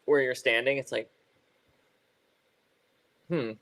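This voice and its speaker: A man co-hosting a podcast in loose, casual chat, his mid-pitched voice caught close on a dry mic with no room sound. He wanders through his thoughts, fills pauses with "um" and "like," laughs easily, and trips into a stutter from time to time. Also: fairly even intonation, fairly bright tone, dry recording. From Ohio. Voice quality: occasional stutter. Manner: rambling, many fillers and restarts, laughs often. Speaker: podcast co-host.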